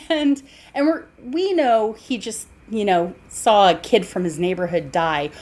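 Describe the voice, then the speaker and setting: A woman's voice: mid-range voice, a little slow, darkish tone. A woman co-hosting a podcast, chatting casually about an old film, laughing and incredulous. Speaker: podcast co-host.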